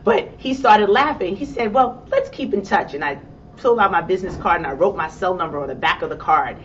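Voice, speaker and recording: Speaking fairly quickly from a stage, a motivational speaker with a New York accent tells an inspiring story and acts out her own excited reactions. She's recorded from a distance, sounding set back from the mic, and the audio is dull and muffled with a faint rumble underneath.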